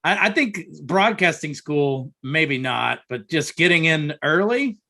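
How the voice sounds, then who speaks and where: A man's voice: fairly high pitch, animated, unhurried, pushed and bright. A man co-hosting a podcast in casual chat, chatty and opinionated with a teasing streak, on a remote computer call. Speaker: podcast co-host.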